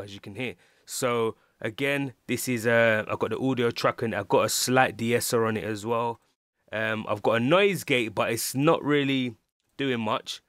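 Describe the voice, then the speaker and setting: A man's voice: lowish voice, a bit bright, no room sound. A man with a London English accent, a music producer talking through a casual tutorial, rambling with lots of ums and restarts. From England.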